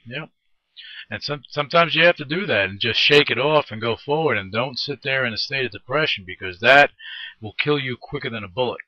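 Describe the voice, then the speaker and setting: A man's voice: medium pitch, fairly quick, no room sound, highs cut off. A man hosting an interview show, talking in an earnest, rambling and encouraging way. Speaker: podcast host. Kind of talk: casual interview chat.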